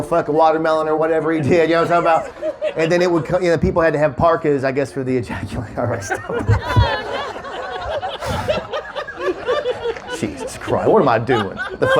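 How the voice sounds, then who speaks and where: A man from Kentucky doing a loose, profane stand-up set at a winery, chatting with the crowd and laughing at his own jokes. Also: on the high side. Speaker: stand-up comedian. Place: winery comedy show before a live audience. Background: audience laughter.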